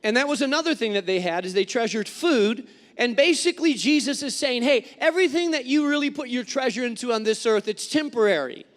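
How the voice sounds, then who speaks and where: High-voiced male pastor preaching in a reverberant church. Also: a little fast. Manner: animated storytelling with acted-out quotes. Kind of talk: sermon. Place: church sanctuary.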